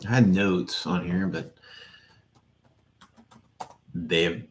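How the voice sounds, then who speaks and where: A man's voice: deep voice, very slow. Swearing man hosting a livestream. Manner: profane, rambling, greets chat viewers by name. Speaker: livestream host. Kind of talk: casual livestream chat.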